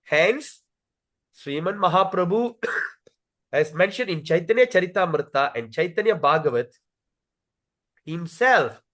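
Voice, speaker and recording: Guy teaching a scripture class on a call, high voice, swoops up and down a lot, keeps asking okay?. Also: very animated, fairly bright tone. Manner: repeats and chants words slowly to demonstrate pronunciation; addresses listeners directly, checks with "okay?". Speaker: teacher leading a scripture study.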